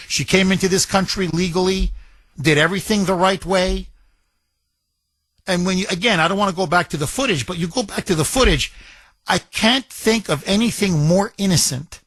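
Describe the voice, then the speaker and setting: A man's voice: high voice, fairly bright tone, dry recording. A man hosting a talk radio show, speaking in an impassioned, emphatic monologue and repeating phrases for effect. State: recovering from broken ribs.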